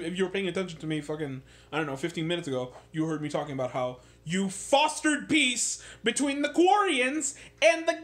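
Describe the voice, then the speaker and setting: A man ranting about a video game in a casual, sarcastic way, swearing a lot and getting animated. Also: on the high side. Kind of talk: casual profane rant.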